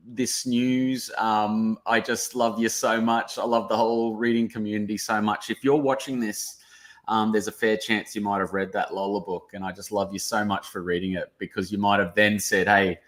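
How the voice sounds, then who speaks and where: Gushing Australian male author beaming in by video call, lowish voice, wears his heart on his sleeve. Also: little pitch movement, normal speed, fairly bright tone. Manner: effusive, emotional, gushing. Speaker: author guest.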